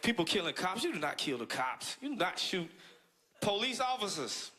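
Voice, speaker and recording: A man from the United States doing a stand-up set, animated, jumping into high-pitched act-outs and laughing through his lines. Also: moderate pace. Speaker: stand-up comedian. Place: comedy club stage with live audience. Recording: loud crowd laughter in club.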